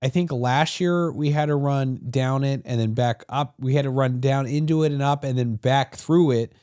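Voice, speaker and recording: Mellow-voiced man co-host, dry sound. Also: medium pitch, moderate pace, clean tone, dry recording. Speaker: podcast co-host. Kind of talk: casual podcast chat.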